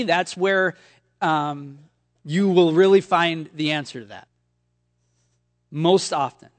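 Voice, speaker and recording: A man preaching a sermon as a pastor, telling everyday stories in a relaxed, conversational way with touches of humor. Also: a little high, big-room sound.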